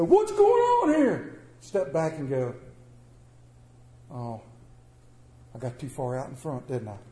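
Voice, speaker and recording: High-voiced preacher guy, folksy chatty sermon, mellow tone. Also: roomy sound, poor audio. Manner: folksy, conversational preaching with quoted asides.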